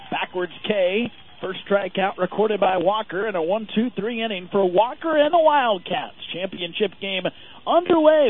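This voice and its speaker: Excitable radio play-by-play man. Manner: steady, informative play-by-play that jumps loud and high on big plays. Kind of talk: radio softball commentary. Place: ballpark, behind home plate. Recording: phone-like lo-fi radio feed with faint noise.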